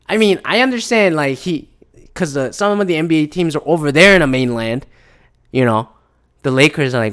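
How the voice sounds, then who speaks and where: A man's voice: fairly high pitch, fairly quick, a bit bright. A man in a heated, profane casual rant, often mimicking other people in mocking voices. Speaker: commentator. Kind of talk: ranting casual commentary.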